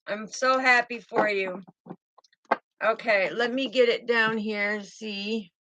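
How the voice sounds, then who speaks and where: A woman's voice: a little high, fairly even intonation, slow, pushed and bright, slight background noise, rough recording. A woman giving a tarot reading to her viewers, soothing and affectionate, calling them sweetheart. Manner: soothing, calls viewers sweetheart and baby girl. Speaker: tarot reader.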